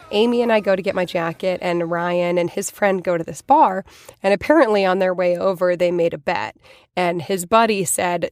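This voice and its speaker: A woman in her thirties from Boston, telling a personal story in a chatty, animated way, full of "like" fillers. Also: lowish voice, fairly quick, soft background music. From Boston, USA. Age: 30s.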